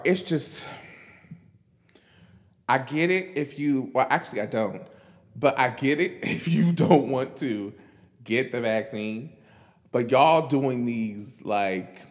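A man talks straight to his camera in a loose, animated solo podcast, laughing often and tripping over his restarts. His voice sits a little high. The recording carries a long hall-like reverb. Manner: chatty and animated, frequent laughs and stammered restarts. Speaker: podcast host. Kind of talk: casual solo commentary. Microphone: camera recording himself.

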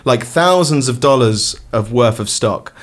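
A man's voice: mid-range voice, lively intonation, measured pace. A man from North London, co-hosting a casual podcast chat, playful and prone to stammered restarts. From England (North London). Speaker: podcast co-host.

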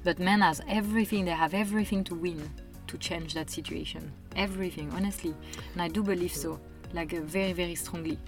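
A woman's voice: fairly low pitch, fairly even intonation, brisk, hardly any pauses, music in the background. A woman, earnestly making her case in a casual conversation. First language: French. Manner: earnest, emphatic, persuasive.

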